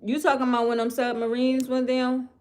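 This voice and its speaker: A woman's voice: high voice, brisk. A woman with a Philadelphia accent on a livestream, chatting casually and expressively while reading viewer comments aloud. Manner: chatty, expressive, addresses viewers as "y'all" and "girl". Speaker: livestream host.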